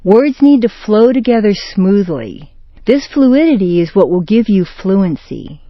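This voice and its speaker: An American woman teaching pronunciation, reading short example words and phrases with slow, exaggerated clarity. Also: mid-range voice, sing-song, no room sound, muffled recording. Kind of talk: scripted pronunciation lesson.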